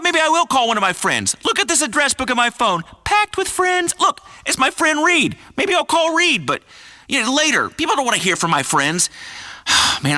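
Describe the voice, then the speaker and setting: A sleazy, vain radio host. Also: male voice, very high-pitched, bright, forceful tone, full character voice. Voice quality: boastful, sleazy, mocking. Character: crude, vain, self-absorbed male radio host. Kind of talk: comedic talk radio banter.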